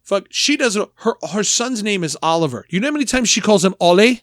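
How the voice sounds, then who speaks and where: A man's voice: sits high, lively intonation, fairly quick, fairly bright tone, no room sound, studio quality. A man co-hosting a podcast, talking about films in a rambling, emphatic way with many restarts. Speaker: podcast co-host. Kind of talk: casual film discussion.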